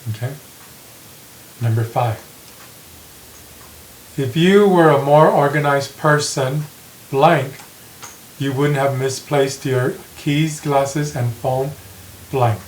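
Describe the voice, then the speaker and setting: A man teaching an English grammar lesson, reading example sentences slowly and repeating them with care. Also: mid-range voice. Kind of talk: slow classroom grammar lesson. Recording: echoey room with faint hiss.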